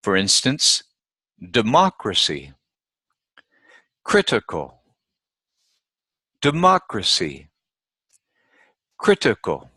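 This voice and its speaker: A man teaching English pronunciation in a low, bright-edged voice, taking his time and saying each example word twice. The sound is close and dry, with no room echo. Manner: deliberate, repeats example words. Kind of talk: instructional lesson.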